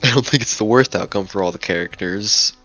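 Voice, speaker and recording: A young man co-hosting a casual chat, joking with deadpan sarcasm. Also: fairly low pitch, a little fast, no room sound, soft background music. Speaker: co-host.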